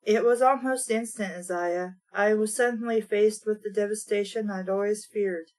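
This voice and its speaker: A woman reading aloud, voicing a heroine who speaks quietly of finding her strength again. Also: medium pitch, fairly even intonation, normal speed, lightly acted. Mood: reflective. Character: proud female heroine recovering her strength.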